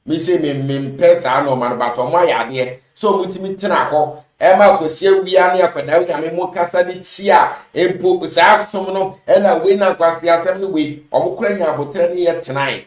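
A man's voice: a little high, normal speed, few pauses, reverberant. A man delivering spoken commentary in a preachy, lecturing manner.

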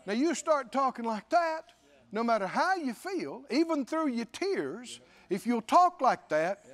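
A male pastor delivers a sermon with a notably high voice that swoops up and down with lively expression. He talks emphatically, repeats phrases for weight and quotes scripture often. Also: unhurried.

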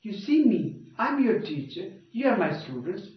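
A man's voice: high-pitched, very animated, moderate pace. A male teacher giving a grammar lecture, repeating points and checking with "okay?" and "you got it?". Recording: dull, echoey, far from mic.

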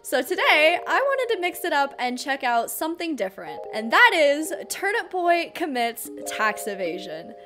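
A woman hosts a let's play of a cute game, giggly and playful throughout. Her voice is high and swings in lively leaps. She talks into a desk microphone, with faint game music behind. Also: normal speed, few pauses. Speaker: gaming channel host.

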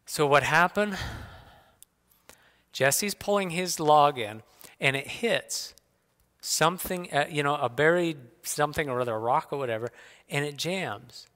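A middle-aged man speaking at church, telling personal stories in a folksy, animated way. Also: fairly high pitch, a little slow. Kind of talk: personal storytelling talk. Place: church sanctuary. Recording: long hall reverb.

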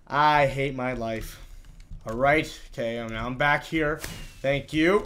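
A man giving live gameplay commentary, talking to himself in frustrated, excitable bursts with many restarts. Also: medium pitch, slow pace, slight background noise. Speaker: gaming YouTuber.

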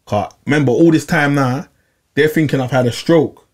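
A young man, telling a long personal story in casual chat, animated and repeating himself, full of slang. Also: medium pitch, normal speed. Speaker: podcast regular.

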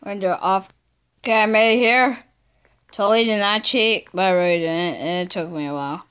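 A woman with a smooth, slightly bright mid-range voice talks a little fast as she casually comments on her own gameplay. The gameplay channel host is chatty, talks to herself, and breaks into screams when she fails.

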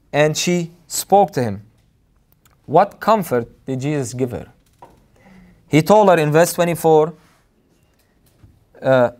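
A man preaching a sermon in an earnest, emphatic way, repeating phrases for weight. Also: fairly high pitch.

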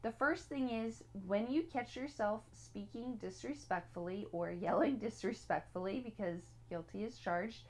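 A woman talks through a parenting lesson in an easygoing, conversational way. She is earnest and direct, and she owns up to her mistakes as she goes. Her voice sits at a medium pitch. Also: measured pace, hardly any pauses. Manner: earnest and direct, gives homework, admits own slips. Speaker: parenting teacher. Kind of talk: casual spoken lesson.

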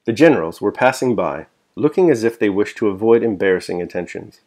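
A man reading a novel aloud chapter by chapter and then sharing his reflection on it, in a measured storytelling manner. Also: fairly low pitch, lively intonation, darkish tone. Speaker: reader and host.

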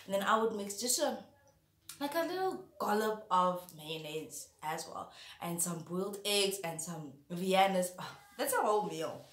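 A woman's voice: mid-range voice, measured pace. Woman, theatrical casual vlog chat, talking through mouthfuls, roomy echo. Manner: theatrical, animated, chatty. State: mouth full, eating spicy food. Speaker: YouTuber.

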